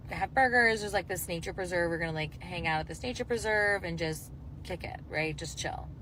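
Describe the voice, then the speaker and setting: A woman's voice: medium pitch, a bit bright, a little hiss or hum, rough recording. A young adult woman telling a dating story casually, full of chatty "like" fillers.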